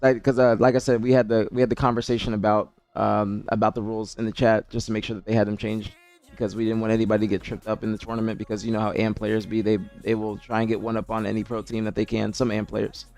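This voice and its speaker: A man's voice: lowish voice, little pitch movement, quick pace, vocal fry, darkish tone. A man streaming live, chatting casually and reading viewer messages, rambling and repeating himself as he answers chat. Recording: dry close mic with faint music behind.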